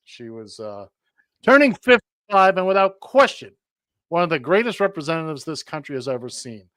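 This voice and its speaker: A man hosts a casual radio show with a somewhat high voice. He jokes and rambles through his lines with plenty of fillers, and the sound is dry and close. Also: very animated, moderate pace, a bit bright, no echo.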